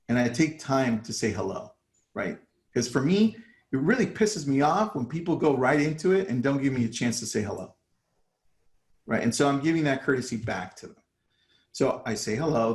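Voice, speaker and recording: Gravelly-voiced man coaching real estate agents. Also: medium pitch, echoey room. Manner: casual, acts out phone calls. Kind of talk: live online training talk.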